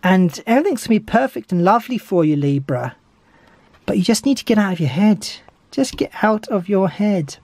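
A woman's voice: mid-range voice, lively intonation, fairly quick, darkish tone, no room sound. A woman giving a tarot reading, talking eagerly and repeating her encouragements over and over. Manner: enthusiastic, repetitive encouragement. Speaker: tarot reader.

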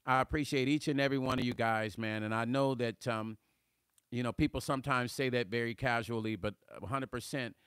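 A man's voice: medium pitch, steady tone, fairly quick, fairly bright tone, clean tone, no room sound, clean studio sound. A middle-aged man, a musician, hosting a live stream, reading viewer comments and talking casually and animatedly, often laughing and stumbling over repeated words when fired up.

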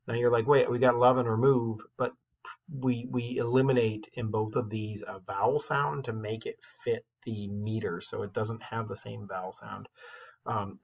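A man's voice: medium pitch, fairly bright tone, husky. A man teaching a class on a poem, explaining in a casual way with many fillers and reading the verse aloud.

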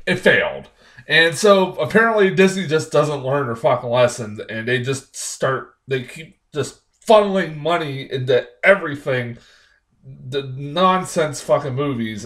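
Young male reviewer, casual and profane, irritated, rambling with restarts and fillers, lively pitch. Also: moderate pace. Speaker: movie reviewer.

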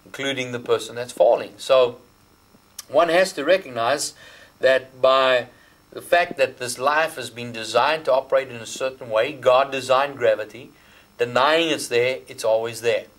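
An Australian man preaches a sermon in an ordinary mid-range voice. He leans hard on key phrases, slowing right down to stress them. He speaks as a teacher, walking listeners through the verses they should underline. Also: medium pitch, a bit bright, poor audio. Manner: emphatic, slows down to stress key words; talks the listener through marking up the Bible. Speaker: pastor.

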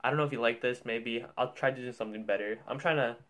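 A man's voice: mid-range voice, quick pace, a bit bright, slight background noise. A man hosting his channel, reading funny texts aloud in casual reaction commentary, joking and swearing as he goes. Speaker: youtuber.

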